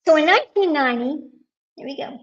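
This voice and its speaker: A woman's voice: high-pitched, lively intonation, fast, lo-fi sound. A woman hosting a casual live stream, talking to viewers while searching her computer and getting frustrated.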